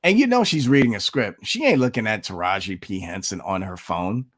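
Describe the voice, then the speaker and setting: A man's voice: lowish voice, expressive, a little fast, a bit bright, no room sound. A man giving blunt, sarcastic reaction commentary, peppered with "okay?" and "you know", sliding into a preacher's tone when he cites scripture. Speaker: online commentator.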